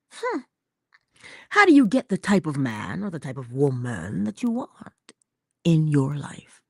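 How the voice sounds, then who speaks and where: A woman's voice: fairly low pitch, husky, dry recording, clean studio sound. A woman giving a motivational talk in a playful, theatrical manner. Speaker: inspirational speaker.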